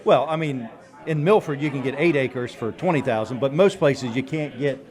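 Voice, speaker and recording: A man's voice: medium pitch, moderate pace, darkish tone. A man co-hosting a local radio show in easygoing, agreeable chat. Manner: easygoing, agreeable, laughs often.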